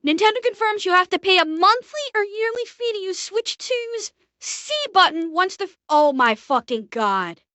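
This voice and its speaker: A young woman streamer giving blunt, profane live reaction commentary, ranting quickly. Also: very high voice, very animated, sharp tone, no echo.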